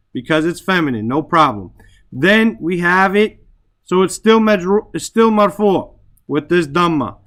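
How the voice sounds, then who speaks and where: A man's voice: fairly high pitch, a bit bright. A man teaching an Arabic and Quran class, explaining grammar patiently, often checking with "right?", reciting verses and then translating them.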